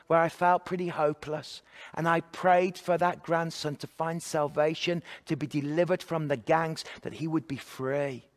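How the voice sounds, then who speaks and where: A man's voice: a little high, long reverb tail. A man who is a pastor and evangelist, preaching a sermon in an earnest storytelling way, building up repeated lists of phrases.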